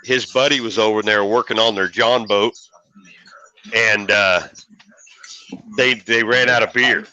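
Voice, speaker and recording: A man's voice: on the low side, a little slow, long pauses, pushed and bright, no room sound, lo-fi sound. A middle-aged man from Illinois, hosting and telling rambling, folksy stories with casual swearing. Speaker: show host. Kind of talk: casual storytelling.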